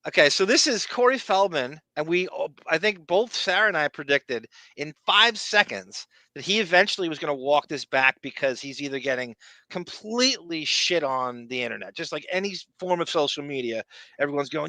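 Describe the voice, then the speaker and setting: A man's voice: a little high, lively intonation, moderate pace, sharp tone, no room sound. A man co-hosting a podcast, talking in a blunt, rambling, profane casual way. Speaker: podcast co-host.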